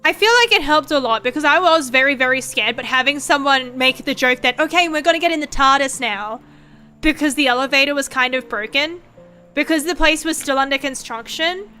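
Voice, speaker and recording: A woman's voice: high voice, a little fast, soft background music. A young woman streaming, chatting casually and swearing a lot as she rambles through stories. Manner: sweary, rambling, animated storytelling. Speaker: vtuber streamer.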